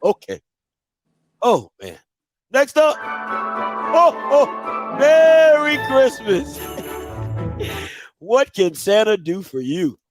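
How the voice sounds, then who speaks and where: A man's voice: very high voice, sing-song, very slow, long pauses, faint music behind, full character voice. A man playing a jolly mall Santa in a comedy skit, ho-ho-ing and cracking up at the kids. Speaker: host.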